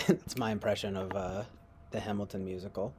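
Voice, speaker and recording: A man's voice: lowish voice, fairly even intonation, moderate pace, a little mellow, slight background noise. A young man streaming from his couch at home. He rambles and jokes with profanity, laughs often and improvises silly raps. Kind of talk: rambling late-night stream chatter.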